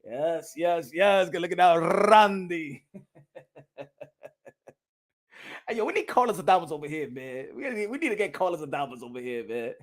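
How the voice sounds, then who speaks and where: A man hosting a podcast, animated and slangy, laughing often. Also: fairly high pitch, moderate pace, pauses often. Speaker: podcast host. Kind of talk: casual chat.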